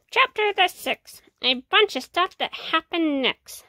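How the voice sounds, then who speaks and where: A woman narrating a children's read-along storybook in an unhurried, animated way. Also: very high voice, dry recording, studio quality.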